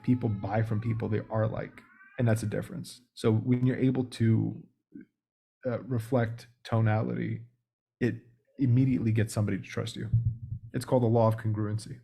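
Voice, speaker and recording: Male podcast guest, low gravelly voice, warm and a bit husky, relaxed coaching tone. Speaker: podcast guest, sales leader. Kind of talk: casual explanatory interview talk.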